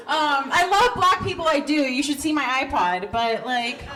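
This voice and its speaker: A woman's voice: high voice, a bit bright. A woman in her thirties doing a stand-up comedy set, brash, profane and self-mocking, laughing through her lines. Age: 30s. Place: comedy club stage. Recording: noisy live club recording.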